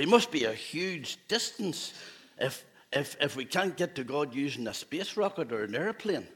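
A man's voice: on the high side, a bit bright, slightly rough. A man, a pastor giving a playful children's talk in a church service, asking the children questions. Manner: playful, asks children questions, laughs often.

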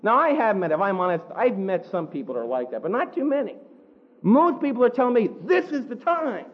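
A man preaching a sermon, animated, acting out the quotes he tells. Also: sits high, fast talker, lo-fi sound. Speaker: pastor.

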